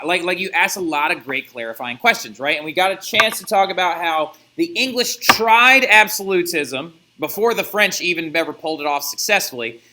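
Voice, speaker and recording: Young male teacher, high voice, chatty jokey lecture. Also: moderate pace, hardly any pauses, very noisy. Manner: chatty, animated, jokey asides. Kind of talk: recorded classroom lecture.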